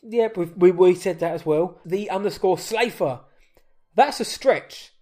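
A high-voiced man co-hosts a podcast with upbeat, chatty energy. He reads listener messages and riffs on them in a casual, friendly way. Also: a little slow, soft background music. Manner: energetic, banter-filled, reading listener messages. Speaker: podcast co-host.

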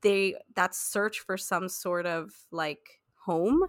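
A woman's voice: on the low side, fairly even intonation, takes it slowly. A woman giving her views on a film in an earnest, rambling way, full of "like", in a casual discussion. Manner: earnest, rambling, many "like" fillers. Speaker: podcast panelist.

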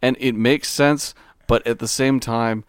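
A man's voice: medium pitch, fairly even intonation, unhurried, smooth, no room sound, studio quality. A young man co-hosting a casual podcast in a friend's house, rambling and swearing with frequent restarts while sharing one microphone. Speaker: podcast co-host. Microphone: shared microphone.

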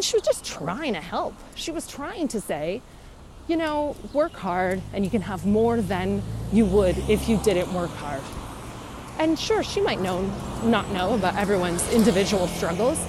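A woman's voice: a little high, very animated, measured pace. Ranting Canadian woman beside traffic. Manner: opinionated, emphatic, ranting. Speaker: vlogger. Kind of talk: casual chat to camera. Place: outdoors by a busy road. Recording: loud traffic noise behind.

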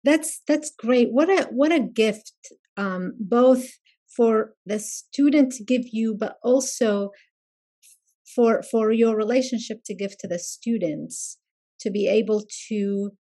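A woman professor as a podcast guest, speaking thoughtfully and pausing often to find her words. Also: a little high, dark tone. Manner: thoughtful, searching for words with pauses. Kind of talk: casual conversational interview.

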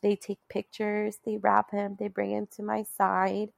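Woman, guest storyteller, casual and chatty, laughs often, gravelly voice, mid pitch. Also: measured pace, no echo. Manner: chatty, laughs often, rises into animated quoting. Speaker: guest telling her birth story.

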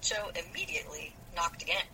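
A woman's voice: fairly low pitch, brisk, a little hiss or hum, rough recording. A woman reading a classic novel aloud with expression and then discussing it on a podcast. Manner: expressive reading, thoughtful comments.

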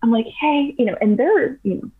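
A young adult woman telling a long story in casual, animated chat, full of fillers. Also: a little high, a little fast, breathy edge. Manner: chatty, animated, heavy use of "like". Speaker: podcast guest. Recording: tinny phone-like audio.

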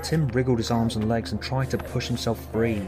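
A man telling a horror story in a measured, dramatic way, with music playing behind. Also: mid-range voice, level tone. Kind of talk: scripted horror narration. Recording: narration over music.

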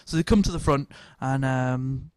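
A man telling a lively anecdote in casual chat. He swears, laughs often and stammers over restarts. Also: mid-range voice, moderate pace, smooth, no room sound.

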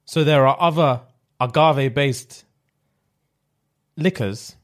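A man's voice: mid-range voice, takes it slowly. A young man, co-hosting a podcast in casual chat and telling a story loosely with slang and fillers. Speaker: podcast co-host.

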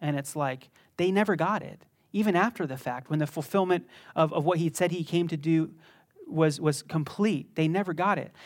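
A middle-aged male pastor preaching a sermon in a conversational, animated way that bursts into sudden intensity. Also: on the high side.

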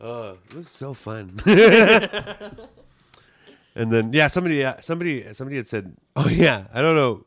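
A man's voice: mid-range voice, lively intonation, normal speed, fairly bright tone. A man from Canada, a comedian, chatting casually and telling a rambling story full of restarts, swearing and laughter. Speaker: comedian and podcast co-host. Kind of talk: casual chat.

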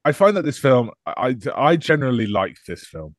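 A man co-hosting a film podcast, his pitch swinging widely as he jokes and laughs through the plot. His voice is close and dry, with no room sound. He banters loosely and sarcastically. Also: big pitch swings, moderate pace, no echo. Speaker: podcast co-host. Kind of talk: casual chat.

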